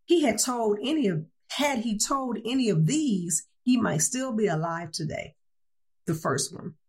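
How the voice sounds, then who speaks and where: A woman reads a string of short jokes at a slow, leisurely pace, her voice sitting at a middling pitch. She chuckles along with the punchlines as she goes. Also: animated, darkish tone, slightly rough. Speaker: reader of humor excerpts. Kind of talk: reading jokes aloud.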